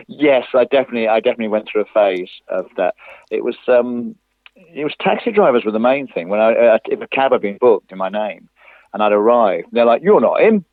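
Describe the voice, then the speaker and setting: A middle-aged man chatting as a guest in an interview, self-mocking and quick to laugh. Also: lowish voice, no echo. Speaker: guest musician. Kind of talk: casual phone interview. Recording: tinny phone line.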